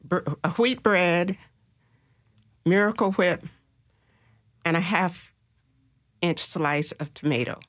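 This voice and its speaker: A woman guest explaining gardening in a radio studio interview, speaking slowly and haltingly with many filler pauses. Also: lowish voice, dry recording.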